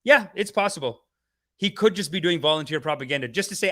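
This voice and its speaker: A man delivering a satirical comedy rant with sarcastic, sermon-like preachiness. His voice is bright and sits on the higher side, and his pitch swings widely as he mocks and lectures. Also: animated, brisk. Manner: sarcastic, preachy, mock-guru. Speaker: comedic channel host.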